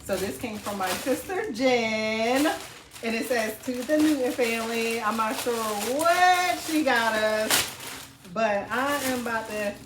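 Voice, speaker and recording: A chatty woman unboxes gifts at home, bubbling over with excitement as she talks to her viewers. Her voice sits a little high and her delivery is slow and drawn out. The room around her is echoey, with a faint hum of ambience behind her. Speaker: family vlogger. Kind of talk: casual unboxing vlog. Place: home, indoors.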